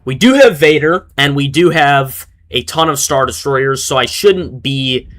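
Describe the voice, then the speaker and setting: A man's voice: medium pitch, expressive, measured pace, a bit bright. A young man giving casual, rambling commentary while playing a strategy game and reading chat aloud. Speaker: gaming streamer.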